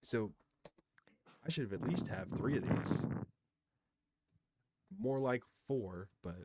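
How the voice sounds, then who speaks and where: A man's voice: mid-range voice, animated, slow pace, heavy background noise. A young man hosting a live stream, rambling and frustrated as he rants, with many fillers. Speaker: streamer host. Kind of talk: live stream commentary, ranting.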